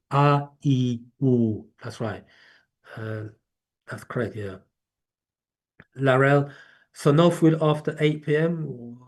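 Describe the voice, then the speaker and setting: A man's voice: mid-range voice, a little mellow. A man with an English accent hosting a live online class in a chatty, rambling way. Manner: chatty, rambling, laughs easily. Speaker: class host. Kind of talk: casual live class talk.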